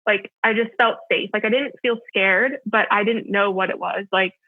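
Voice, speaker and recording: A woman's voice: medium pitch, moderate pace, no room sound. A young adult woman telling a personal story as a podcast guest, chatty and full of filler words. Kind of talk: casual storytelling. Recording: tinny phone-line audio, dry.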